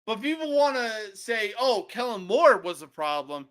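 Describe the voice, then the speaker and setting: A young man hosting a sports podcast, giving profane, opinionated game picks that burst into shouting rants. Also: high-pitched, sing-song, moderate pace.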